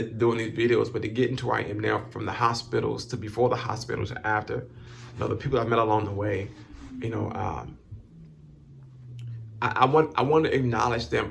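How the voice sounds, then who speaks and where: A man speaking to camera in a halting, emotional way, repeating and restarting words as he holds back tears. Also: medium pitch, gravelly, a little hiss or hum. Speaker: vlogger giving thanks. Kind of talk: emotional personal talk to camera.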